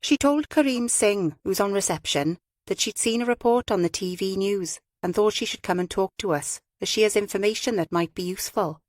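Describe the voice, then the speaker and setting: A woman voicing a young female detective sergeant who speaks briskly and eagerly. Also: medium pitch, dry recording, clean studio sound, close to an everyday voice.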